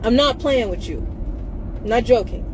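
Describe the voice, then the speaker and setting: A woman's voice: a little high, animated, moderate pace, background noise. A tired young woman speaking bluntly and defiantly to her phone camera in a vlog, repeating herself for emphasis. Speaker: social media activist. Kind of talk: direct-to-camera vlog rant. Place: in a car.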